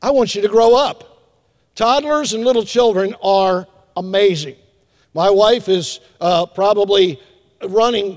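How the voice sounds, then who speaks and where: Older male preacher with hall reverb. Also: sits high. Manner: animated preacher, acting out scenes with hushed asides and drawn-out emphasis. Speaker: pastor. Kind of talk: sermon.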